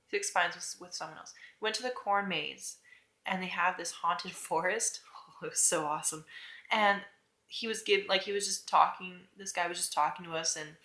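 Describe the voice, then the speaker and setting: A young woman's bright voice, set slightly low, rambles through a casual rant straight to camera. She hesitates, keeps second-guessing herself and trails off with soft laughs. The room around her gives the voice a noticeable echo. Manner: chatty, rambling, hesitant with frequent "I don't know" and laughs. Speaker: vlogger.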